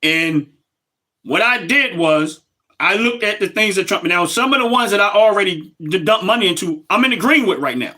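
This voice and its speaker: A man's voice: high-pitched, animated, moderate pace, bright, forceful tone. A middle-aged man, hosting a casual livestream and talking emphatically straight to his viewers. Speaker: livestream host.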